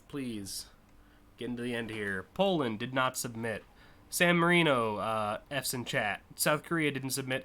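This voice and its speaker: Bright-voiced chatty American streamer. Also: male voice, mid-range voice, slight background noise. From United States. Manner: rambling and chatty, with frequent uh and like, quick laughs. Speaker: streamer hosting a community car contest. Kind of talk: live-stream commentary.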